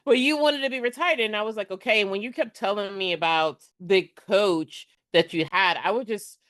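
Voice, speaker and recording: A woman's voice: mid-range voice, normal speed, fairly bright tone, dry recording, clean studio sound. A woman who coaches small businesses, talking casually and laughing often as she retells conversations. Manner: chatty, laughs often, retells with quoted voices.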